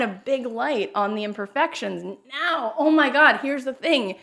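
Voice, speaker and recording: A woman with a somewhat high voice speaks as a podcast guest, animated and frank. She tells her stories with energy and slips into playful impressions of other people. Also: a little slow, few pauses. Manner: animated, acts out quoted voices. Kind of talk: candid conversational storytelling.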